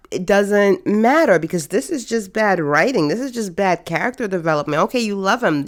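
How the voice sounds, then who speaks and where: A woman hosting a casual podcast, giving an exasperated, emphatic rant with lots of repetition. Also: on the low side. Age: adult. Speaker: podcast host.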